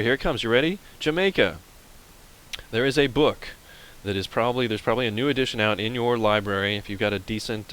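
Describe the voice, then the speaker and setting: A man's voice: mid-range voice, fairly bright tone, a little hiss or hum, poor audio. A man from Pennsylvania commenting on a game and telling a rambling story to viewers in a casual, chatty way. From Pennsylvania, USA. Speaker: let's play host.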